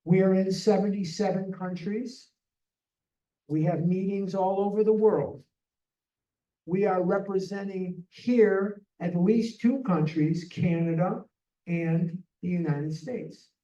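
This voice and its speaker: A speaker at a recovery retreat, telling a group an unhurried story of their fellowship's early history. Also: medium pitch, fairly even intonation, dark tone. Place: meeting room at a retreat. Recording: echoey room, distant dull mic.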